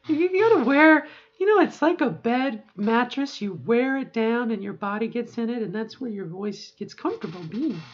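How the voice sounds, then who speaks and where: A woman's voice: on the high side, expressive, moderate pace, lo-fi sound. A middle-aged woman talking candidly and chattily in a personal video diary, often restarting her sentences. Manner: chatty, candid, self-interrupting. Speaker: vlogger.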